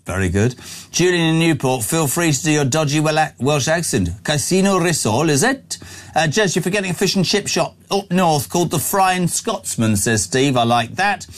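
Blunt, matey radio host. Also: male voice, fairly high pitch, lively intonation, normal speed. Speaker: radio talk show host. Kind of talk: phone-in radio chat.

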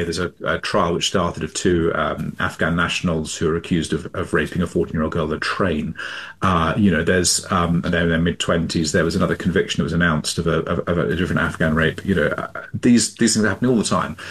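Deep husky male radio guest. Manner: earnest, stumbling repetitions. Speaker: journalist guest. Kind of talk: radio interview commentary.

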